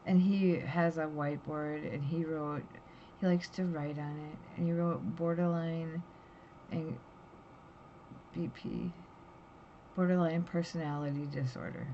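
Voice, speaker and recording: A woman's voice: sits low, steady tone, unhurried, dark tone. Tired, drowsy woman in a candid personal vlog, raw and rambling, dull lo-fi recording. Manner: raw, rambling, emotional storytelling. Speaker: vlogger. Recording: dull lo-fi audio with faint background hiss.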